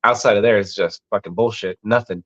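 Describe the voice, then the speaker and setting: A man's voice: fairly low pitch, steady tone, a little fast, fairly bright tone. A man talking casually on a podcast as a guest, telling laid-back stories full of swearing. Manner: laid-back, profane storytelling. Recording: dull lo-fi mic.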